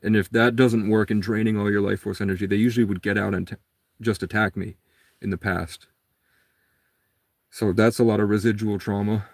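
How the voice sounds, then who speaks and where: A man's voice: on the low side, little pitch movement, brisk, pauses often, no echo, studio quality. A man telling a long personal story in a casual, rambling monologue. He acts out the other people's lines in a raised voice.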